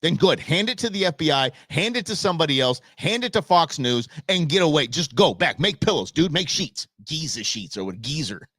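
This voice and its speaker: Male talk host, middle-aged, blunt and exasperated; lively, somewhat high voice, dry studio sound. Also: a little fast, hardly any pauses, no room sound. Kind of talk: opinionated live show rant.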